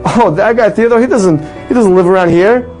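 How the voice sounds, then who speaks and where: A man voicing a blunt male garbage truck worker in a retold story, explaining excitedly. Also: sits high, brisk, faint music behind, voice pushed up, close to an everyday voice, poor audio. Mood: puzzled, explaining.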